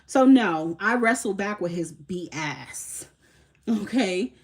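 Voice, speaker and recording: On her tarot live stream, a young woman of Haitian background tells a story slowly in a mid-range voice. She's casual and animated, swearing freely and laughing a lot.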